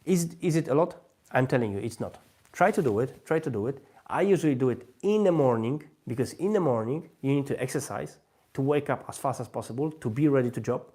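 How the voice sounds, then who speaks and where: A man with a medium-pitched, dark voice hosts a live language lesson, speaking briskly and with animation. His English is non-native, and he restarts frequently while reasoning aloud during his demonstrations.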